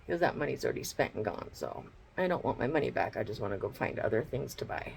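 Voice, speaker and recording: In her bedroom at home, a beauty vlogger chats through a casual get-ready-with-me makeup session, swearing freely and speaking bluntly at each step. Her voice is extremely low and gravelly, with big pitch swings and a fast pace. The recording quality is low.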